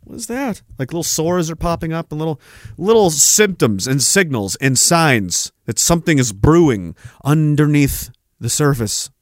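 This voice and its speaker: A man's voice: a little high, animated, normal speed, dry recording, clean studio sound. A man, hosting a podcast in a profane, sarcastic ranting monologue. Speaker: podcast host.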